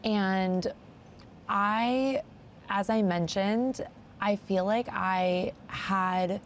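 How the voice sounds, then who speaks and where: A woman's voice: mid-range voice, a little hiss or hum. A woman in her thirties as a podcast guest, talking candidly and reflectively about her past, with frequent "like" fillers. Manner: reflective, confessional, heavy use of "like". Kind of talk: candid conversational podcast chat.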